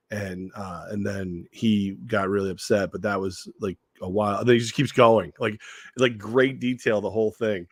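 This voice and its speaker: A man co-hosting a sports radio show in casual chat, animated, laughing often and repeating himself as he builds a point. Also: fairly low pitch, normal speed, no echo, studio quality.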